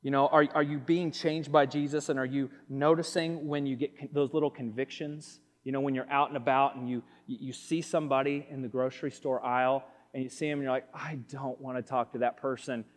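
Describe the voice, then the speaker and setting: Male pastor, chatty storytelling preacher, mid pitch, church hall reverb. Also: flat delivery, fairly quick, few pauses. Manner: conversational, storytelling with many restarts. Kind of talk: sermon. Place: church sanctuary. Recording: long reverb of a large hall.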